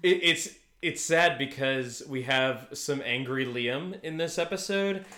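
A man with a bright, forceful voice co-hosts a casual podcast, rambling through recaps and restarting his sentences. He laughs easily, and the room gives his voice a noticeable echo. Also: mid-range voice, unhurried. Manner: rambling, self-interrupting, laughs often. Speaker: podcast co-host. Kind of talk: casual chat.

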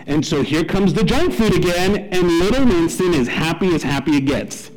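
A man in his thirties, a pastor, opening with prayer and then animatedly telling a story in a sermon, with poor audio quality. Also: normal speed. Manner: animated, acts out a dog's delight. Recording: low-quality radio-like audio.

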